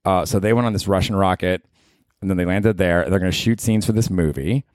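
A man with a very low voice hosts a solo comedy podcast. He rambles sarcastically and swears freely as he talks. The sound is dry and close to the mic. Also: brisk, a little mellow, no echo. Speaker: podcast host.

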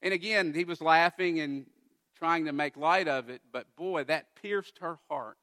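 A man's voice: a little high, a little slow, sharp tone. A man preaching a sermon to a congregation as pastor, earnest and building to emphatic exhortation.

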